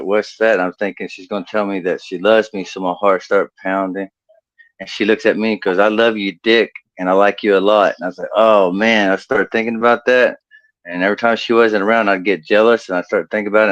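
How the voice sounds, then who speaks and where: A man's voice: fairly low pitch, fairly even intonation, fairly quick, a bit bright, dry recording, lo-fi sound. A man doing a crude stand-up comedy set over a video call, laughing at his own jokes.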